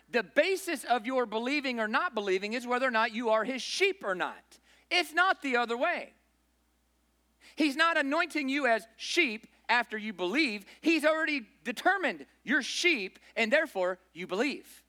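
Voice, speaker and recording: A man's voice: very high-pitched, animated, moderate pace, sharp tone. A man preaching a sermon to his congregation in a conversational, informal way. He often asks the listeners questions and checks in with "right?". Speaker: pastor.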